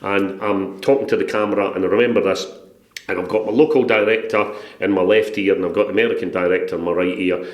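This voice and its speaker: A man in his sixties with a Scottish accent, a broadcaster telling stories as a podcast guest, animated and swearing freely. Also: low-pitched, fast talker, reverberant, lo-fi sound. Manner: lively storyteller, swears freely. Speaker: guest, broadcaster and stadium announcer. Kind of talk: casual podcast chat.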